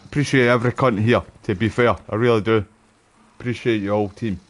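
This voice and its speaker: A man's voice: fairly low pitch, steady tone, brisk, soft background music. A man with a West Lothian Scottish accent chatting casually and swearing freely while he streams a game for his viewers. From Scotland. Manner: friendly, chatty, sweary slang. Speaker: live streamer. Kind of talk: casual chat over gameplay.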